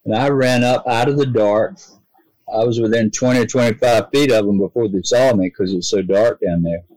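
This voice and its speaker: A man's voice: fairly low pitch, normal speed, a little mellow, dry recording, low-quality recording. A man, earnestly telling a long personal story in a rambling way, often restarting his sentences. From North Carolina, US. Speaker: guest telling his own experience. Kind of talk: casual storytelling.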